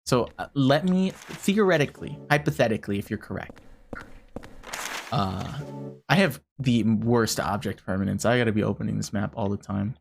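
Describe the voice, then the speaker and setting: A game streamer giving casual live commentary, talking a puzzle through out loud and swearing often in frustration. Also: mid-range voice, moderate pace, vocal fry, soft background music.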